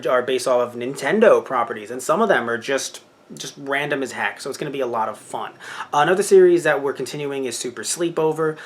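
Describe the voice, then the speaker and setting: Chatty young man rambling through updates. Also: a little high. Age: 20s. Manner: rambling, chatty, corrects himself mid-sentence. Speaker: channel host. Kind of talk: casual channel update.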